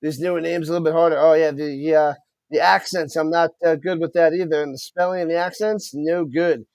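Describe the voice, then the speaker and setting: Fairly quick and on the high side, a man's voice, with no echo, delivers excited live football play-by-play to his stream. He talks to his chat and keeps tripping over names of players he doesn't recognize.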